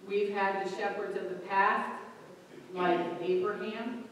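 Woman pastor, sermon, unhurried storytelling, long church reverb, faint room hum. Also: mid-range voice, dull audio. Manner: storytelling with lively quoted voices. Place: church sanctuary. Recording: echoey church from far off.

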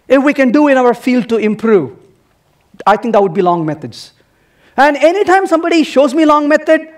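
A man with a very high voice speaks to a conference audience, his pitch swooping up and down. He teases the room with rhetorical questions and keeps the tone playful throughout a technical talk. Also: very animated, normal speed. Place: conference hall.

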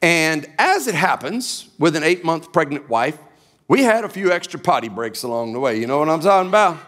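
A man's voice: on the high side, very animated, a little fast, a bit bright. A middle-aged man preaching a sermon from a church stage, with folksy, humorous storytelling. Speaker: pastor.

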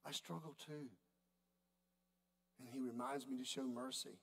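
A man preaching a sermon, telling a story in a folksy, animated way. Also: medium pitch, unhurried, vocal fry. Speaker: pastor.

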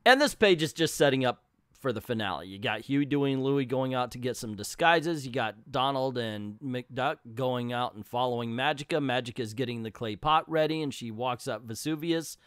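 A man's voice: mid-range voice, lively intonation, normal speed, fairly bright tone, clear, resonant tone, dry recording, clean studio sound. A man hosting a comic book video, recapping a story in a chatty, jokey way. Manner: chatty, jokey, owns up to slips. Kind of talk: casual commentary and recap.

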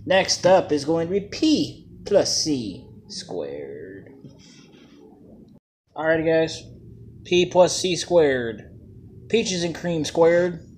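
A man's voice: on the high side, big pitch swings, very slow, pauses often, slight background noise. A man casually reviewing vape juices, joking and plain-spoken in a laid-back way.

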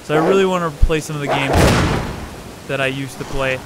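A young man streaming a game, chatting casually with viewers, swearing freely and shouting at the game. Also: mid-range voice, a little fast, heavy background noise. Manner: profane, chatty, outbursts at the game, greets viewers. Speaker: let's play streamer. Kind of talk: casual live-stream gaming commentary.

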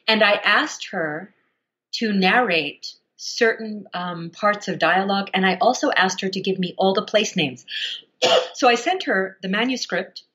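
Expressive woman audiobook narrator. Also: medium pitch. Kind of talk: podcast interview answer.

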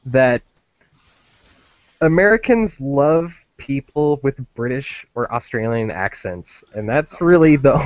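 A man's voice: medium pitch, dry recording. A man hosts a podcast in an easy, conversational way. He goes along agreeably and drops in chuckling asides. The recording is dry and dull, with no room sound. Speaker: podcast host. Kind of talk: casual chat.

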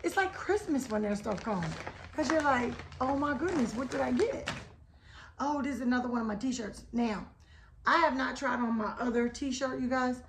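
A chatty woman unpacks her haul and talks right to her viewers. Her voice sits a bit high and sounds a little hoarse, as she is losing it today. There is a faint hiss of noise behind her. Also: normal speed, fairly bright tone. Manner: chatty, keeps addressing viewers as y'all. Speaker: haul vlog host. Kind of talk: casual product haul chat.

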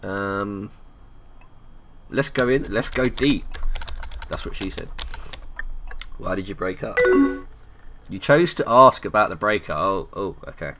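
Low-voiced young man playing through a game. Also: lively intonation, a little slow, creaky, pauses often, over loud music. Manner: chatty, laughs often, reads messages aloud in a soft voice. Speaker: gaming video host. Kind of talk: blind playthrough commentary, reading chat aloud. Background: keyboard typing clicks.

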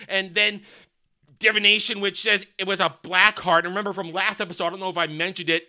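A man's voice: high-pitched, steady tone, fast, pushed and bright. A man reviewing a TV episode in a casual, rambling rant, sarcastic, exasperated and crude. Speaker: TV show reviewer.

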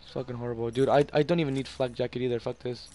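A young man hosting a gaming session, talking fast and loose with friends, excitable and profane, swearing and calling out plays. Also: mid-range voice. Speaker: gamer host. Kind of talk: casual gaming chat.

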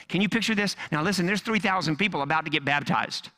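A man preaching a sermon, telling a story with dramatic swings from loud emphasis down to hushed, near-whispered lines. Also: sits high, quick pace, hardly any pauses. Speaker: pastor.

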